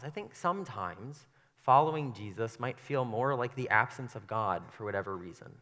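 A man's voice: mid-range voice, bright, forceful tone, long reverb tail. A young man giving a casual, conversational sermon to a congregation in a church, playful and self-deprecating, often slipping into voices to act out scenes. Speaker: preacher. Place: church sanctuary.

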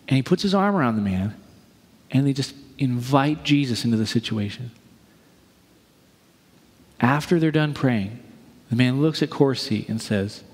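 A man's voice: mid-range voice, moderate pace, creaky, slightly rough. A middle-aged man preaching a sermon, telling a story and acting out the voices of its people. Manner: storytelling, animated, acts out quoted voices. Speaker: pastor. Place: large church auditorium. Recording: long reverb of a large hall.

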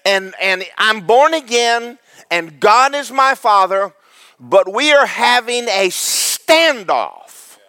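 A church pastor delivers a sermon in the sanctuary, his delivery sing-song and slow. He swings widely between loud, fervent highs and low, joking asides to the congregation, and the recording has no echo.

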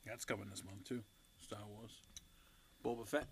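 A man in casual chat, relaxed, joking and laughing easily. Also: on the low side, moderate pace, slightly rough.

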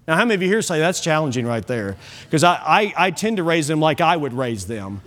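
A middle-aged man gives an evening sermon from a church pulpit. His voice sits fairly high for a man. He talks in a folksy way, often repeating a word or restarting a phrase before carrying on. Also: sing-song, brisk, a bit bright. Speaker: pastor. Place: church sanctuary.

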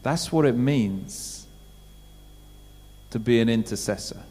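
A middle-aged man preaching a sermon in church, talking in a conversational way and putting questions to the congregation. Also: on the high side. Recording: church hall with long reverb.

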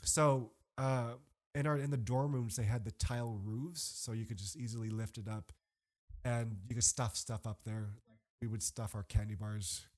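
A man's voice: mid-range voice, moderate pace. A young man from Canada hosting a casual chat, telling stories with lots of fillers and frequent laughs. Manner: animated storyteller, laughs often, many fillers. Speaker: podcast host.

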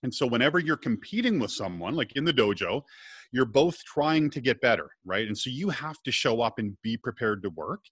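A man's voice: medium pitch, brisk, slightly rough, no echo. Middle-aged man telling a story. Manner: lively storyteller, acts out quoted dialogue. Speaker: guest. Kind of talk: casual storytelling in conversation.

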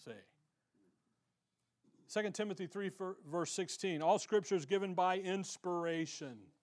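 A man's voice: sits high, unhurried, darkish tone. A male pastor preaching a sermon in a conversational way, acting out the voices of the people he quotes.

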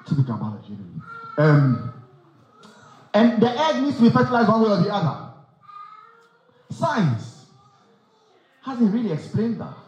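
Echoey, high-pitched preacher man. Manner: emphatic, rhetorical questions, repeats phrases. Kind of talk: sermon. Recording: very echoey, dull sound.

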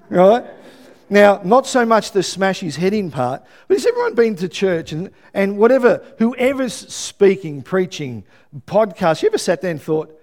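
Middle-aged Australian preacher, lively testimony-style sermon, acts out quotes, fairly high voice. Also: male voice, moderate pace. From Melbourne, Australia. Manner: lively storytelling with acted-out quotes and asides.

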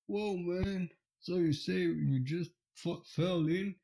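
A raised, mellow, slangy dude adventurer as a man puts him on for a tabletop game. He peppers his talk with "man" and sounds easygoing. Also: high voice, slow, gravelly, voice pushed up, exaggerated voice. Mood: surprised. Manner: slangy and startled, says "man" a lot.

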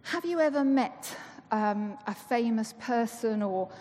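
In the long reverb of a church hall, a church member gives a conversational sermon, her slightly high voice expressive, a little mellow, and measured in pace. She keeps it chatty and playful, tossing rhetorical questions to the congregation.

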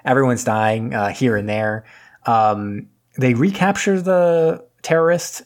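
A man's voice: mid-range voice, takes it slowly. A man casually recapping a movie plot on a podcast, rambling with lots of fillers and losing his thread. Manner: rambling, filler-heavy, loses his train of thought.

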